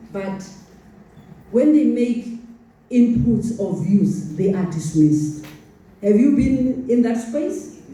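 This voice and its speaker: A woman with a Sepedi accent speaks slowly and earnestly to a student conference. She has a deep, mellow voice and sometimes stumbles over repeated words. Her voice sounds distant from the microphone and rings through a very echoey hall. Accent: Sepedi-accented South African English. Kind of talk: formal address to a student audience. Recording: echoey hall, voice from far off the mic.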